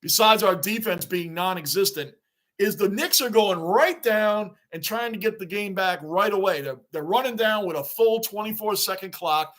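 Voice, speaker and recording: A man hosting a live sports reaction stream, excitable and rambling as he answers viewers' chat. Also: sits high, normal speed. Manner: excitable, talks back to chat comments, rambling.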